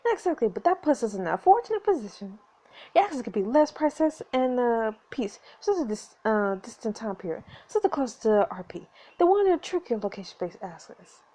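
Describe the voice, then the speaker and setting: A woman voicing an upbeat, prim female dialect coach from a story game, pitched above her own voice and swinging lively through each phrase. She explains pronunciation patiently and brightly. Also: brisk. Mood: teaching.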